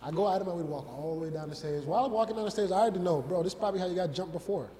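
A man telling stories in a casual podcast chat, animated and laughing often as he acts out what people said. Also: sits high, racing, big-room sound. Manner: animated, acts out quoted voices, frequent laughter. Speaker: comedian.

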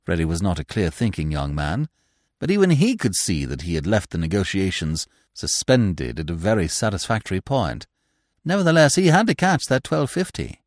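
Low-voiced man narrating a story expressively. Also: big pitch swings, normal speed, dry recording, clean studio sound. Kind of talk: scripted audiobook narration.

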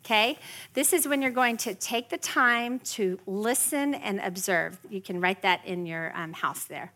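A woman in her forties giving a lively parenting workshop to a room of parents, often mimicking her kids' whiny voices. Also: medium pitch, unhurried. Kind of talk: live parenting workshop talk. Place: workshop room with a live audience.

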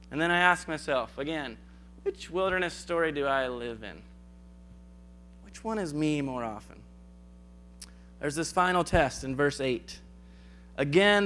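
Guy preaching casual, kinda high voice, acts out the bible stories, faint hum behind. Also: a bit bright. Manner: acts out biblical dialogue in casual asides. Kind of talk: conversational sermon.

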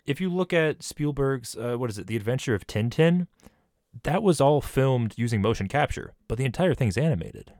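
A man's voice: mid-range voice, expressive, moderate pace, a little mellow, dry recording, studio quality. A man hosting a casual film podcast, steering the talk with questions and examples. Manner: asks probing questions. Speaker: podcast host.

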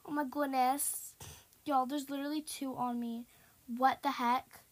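High-voiced young woman in jittery game commentary. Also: steady tone, brisk. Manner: jumpy, swings between hushed whispers and loud panicked exclamations. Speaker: gamer. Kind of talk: horror game let's-play commentary.

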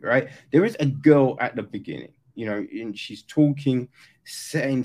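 A man giving a casual, animated critique of a film, swearing now and then and acting out quoted lines. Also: medium pitch. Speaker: reviewer.

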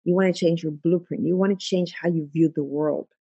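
A woman's voice: lowish voice, fairly even intonation, fairly quick, dark tone, breathy edge, dry recording, highs cut off. A woman life coach giving a motivational talk, emphatic and full of repeated affirmations.

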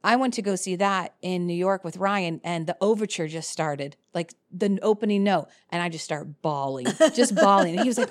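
A woman in her thirties, a cabaret performer, telling lively stories in casual chat and laughing often. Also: mid-range voice, a little fast. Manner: animated storyteller, laughs often.

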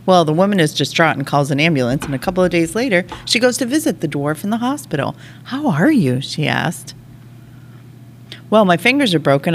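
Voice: mid-range voice, a little hiss or hum. A speaker in casual chat, reading a long joke aloud and voicing its characters.

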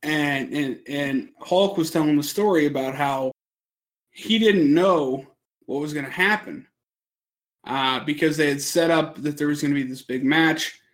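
A man's voice: on the high side, a little slow. A young man telling a long story on a casual podcast, rambling, swearing a lot and laughing as he goes. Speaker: podcast co-host.

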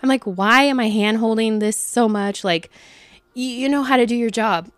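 A young woman candidly venting about her workday in a casual monologue, swearing freely and acting out conversations in lively voices. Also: fairly high pitch, normal speed, no room sound. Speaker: vlogger venting about work.

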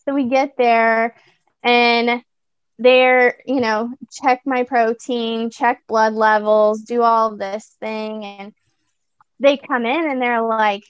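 Young woman telling her story, kinda high voice, dull dry lo-fi sound. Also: fairly even intonation, slow pace, clear, resonant tone, dry recording. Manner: chatty, lots of fillers and restarts. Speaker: podcast guest. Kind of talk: personal storytelling.

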